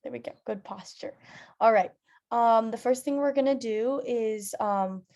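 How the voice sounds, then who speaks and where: A woman leading a theatre warm-up lesson, giving friendly instructions with frequent "um"s and breaking into loud demonstration sounds. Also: a little high, measured pace. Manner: instructive, filler-heavy, with loud vocal demonstrations. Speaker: drama teacher.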